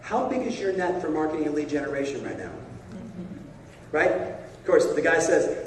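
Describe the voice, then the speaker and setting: A man's voice: fairly high pitch, animated, moderate pace, long pauses, slight background noise. A man giving a motivational sales talk in a large conference hall, punchy and constantly checking in with the crowd. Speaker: keynote sales speaker. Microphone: phone recording from the audience. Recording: echoey hall from far off.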